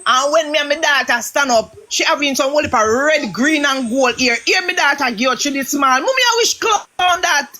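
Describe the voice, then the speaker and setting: A Jamaican woman chatting in patois, telling a story with lively, emphatic commentary. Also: high voice, brisk, few pauses. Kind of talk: heated gossip chat in patois.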